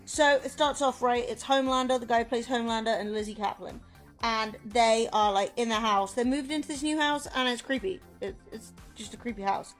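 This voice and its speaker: Chatty woman streamer with a higher voice. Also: fairly even intonation, brisk, faint music behind. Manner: chatty, rambling, lots of "like" fillers, playful. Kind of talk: casual chat and rambling storytelling.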